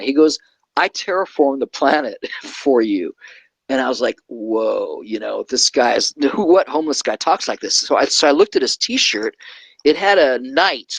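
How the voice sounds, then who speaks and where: A man's voice: medium pitch, fairly bright tone, no echo, low-quality recording. A man, a guest from California, telling a rambling story in casual talk and often checking in with "okay?". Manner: rambling, keeps adding "okay?".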